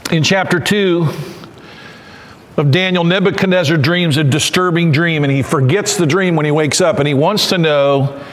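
Man, pastor, lively conversational sermon, acts out quotes, long church-hall reverb. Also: a little high, moderate pace, a little hiss or hum. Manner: conversational preaching, acts out quotes, asks the congregation questions.

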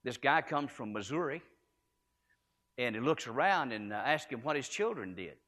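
In a church sanctuary, a man preaches a storytelling sermon, earnest and emphatic, repeating key phrases. His mid-range voice is pushed and bright, with lively intonation at a moderate pace. The echoey hall carries a long reverb.

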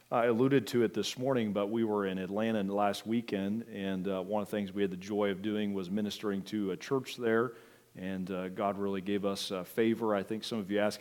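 A man's voice: on the low side, darkish tone. Conversational man preaching a sermon. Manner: conversational, many fillers and restarts. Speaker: pastor. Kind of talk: sermon with storytelling.

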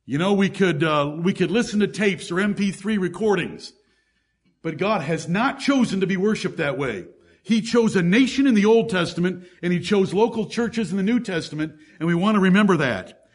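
Husky-voiced man preaching a sermon. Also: sits high, lively intonation, normal speed. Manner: preaching, reading scripture aloud with emphasis. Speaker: pastor.

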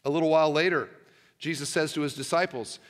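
A man's voice: a little high, fairly even intonation, fast, long reverb tail. A male pastor preaching a sermon, telling a story and asking rhetorical questions.

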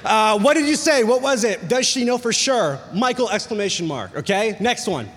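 High-voiced animated male pastor. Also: normal speed. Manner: animated storytelling, jokey asides, bursts of excitement. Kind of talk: sermon with personal story. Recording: long hall reverb.

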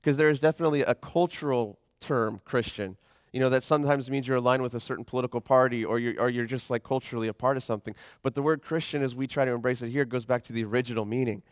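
Conversational pastor preaching, dry sound. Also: male voice, medium pitch, no room sound. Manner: conversational, animated, slows down to read scripture. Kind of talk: sermon.

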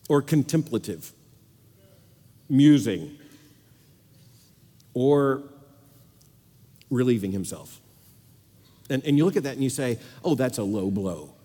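A man preaching a sermon with strong emphasis, repeating phrases and swinging between loud declarations and quiet asides. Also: mid-range voice, big-room sound.

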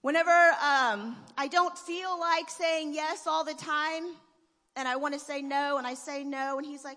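A woman gives a heartfelt testimonial in a church, her high voice bright and forceful. She turns emotional and laughs between phrases. The hall around her rings with a long reverb. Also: steady tone, unhurried. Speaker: church member giving a tribute. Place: church sanctuary.

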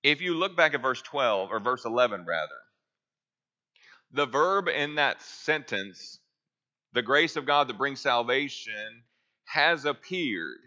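Man, bible class teacher, tense bright voice, question-and-answer teaching, muffled lo-fi recording. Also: mid-range voice. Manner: asks the class questions and answers them himself.

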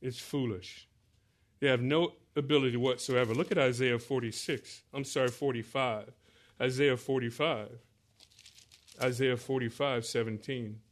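A man preaching a sermon, reading scripture aloud and explaining it verse by verse, swinging between loud emphatic pleading and soft, low explanation. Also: steady tone, normal speed. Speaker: pastor.

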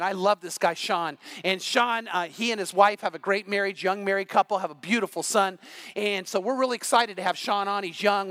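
A middle-aged male pastor preaching a sermon, impassioned and building to near-shouts. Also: sits high, dry recording.

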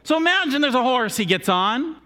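A man preaching a sermon as a lively storyteller, acting out the characters and coaxing volunteers from the congregation. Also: very high-pitched, brisk, smooth. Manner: animated, acts out characters, coaxes volunteers. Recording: long hall reverb.

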